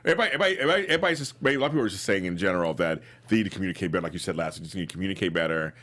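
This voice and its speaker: A man's voice: low voice, animated, very fast, a bit bright. A man co-hosting a casual TV review show, enthusiastic and repeating words as he agrees and recounts scenes. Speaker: co-host of TV recap show.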